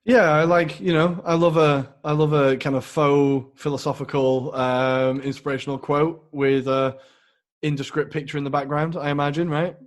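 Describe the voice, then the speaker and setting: A man's voice: fairly high pitch, fairly even intonation, normal speed. A man co-hosting a casual football podcast, talking with rambling enthusiasm and some self-mockery. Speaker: podcast co-host.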